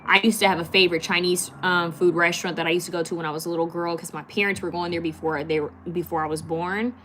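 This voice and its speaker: A woman's voice: on the low side, steady tone, a bit bright, a little hiss or hum. A woman from California hosting a live stream, chatting casually and giggling as she answers viewer comments. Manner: chatty, giggly, with many fillers and quick repeats.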